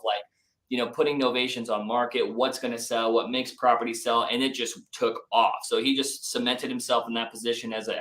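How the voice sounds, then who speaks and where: A young man, a business founder, chatting casually as a podcast guest and telling animated stories, often saying "like" and "dude". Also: mid-range voice, rough recording. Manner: animated, acts out quotes, says "like" and "dude" often. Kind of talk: casual interview storytelling.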